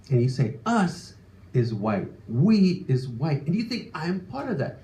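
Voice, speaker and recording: A man in his late thirties telling a self-deprecating personal story live on stage, animated and exasperated in places. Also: medium pitch, a little slow. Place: stage before a live audience. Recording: echoey room, faint ambience.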